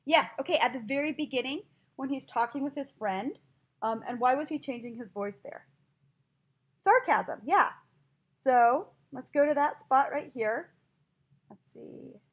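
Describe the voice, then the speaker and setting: A woman teacher giving a listening lesson to language learners, explaining slowly and spelling words out letter by letter. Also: high-pitched, breathy edge.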